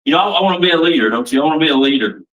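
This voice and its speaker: A man's voice: a little high, expressive, racing, fairly bright tone, far from the mic, lo-fi sound. A man giving a plain-spoken, emphatic personal testimony at a recovery meeting, repeating himself for weight.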